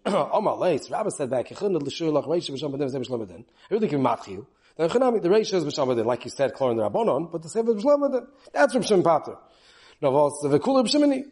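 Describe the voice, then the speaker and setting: Fast-talking man giving a Talmud class. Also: fairly high pitch, mellow. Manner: rapid, mixing English with Hebrew and Yiddish terms. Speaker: Talmud lecturer.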